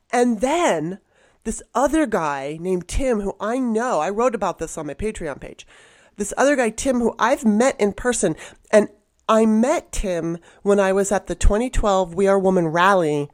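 A woman co-hosting a podcast, talking bluntly and heatedly and swearing freely in casual chat. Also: mid-range voice. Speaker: podcast co-host.

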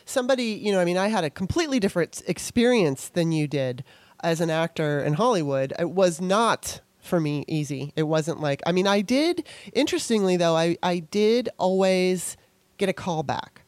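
A woman hosting an interview, a former actor telling a lively story in casual chat with many restarts. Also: lowish voice, moderate pace, no echo. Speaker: podcast host and former actor.

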